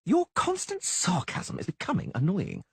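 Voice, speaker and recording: A man's voice: sits high, huge pitch swings, normal speed, creaky, a bit bright, slightly rough, no room sound, voice pushed up, full character voice. A man voicing a vain, flamboyant young bard with a theatrical manner in an audiobook. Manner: theatrical, exclaiming. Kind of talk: audiobook character voice.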